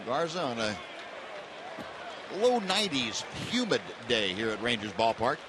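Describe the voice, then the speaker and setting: A male baseball play-by-play announcer calling the game in a relaxed, conversational way with frequent fillers, over stadium crowd noise. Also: medium pitch, measured pace. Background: ballpark crowd.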